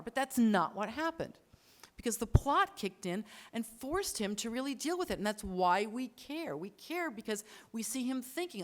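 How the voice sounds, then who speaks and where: Woman lecturer, lively talk, acts out quotes, quick bursts. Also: mid-range voice. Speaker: writing lecturer. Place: lecture hall.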